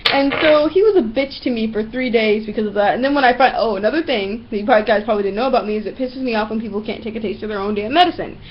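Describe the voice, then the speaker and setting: A fairly high-voiced young woman talks straight to camera from a room at home, ranting about her pet peeves in blunt, swear-heavy, animated bursts. The sound is dull and lo-fi, typical of an old webcam recording. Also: fast. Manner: blunt, profane, animated storytelling. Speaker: vlogger. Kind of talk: casual ranting monologue to camera.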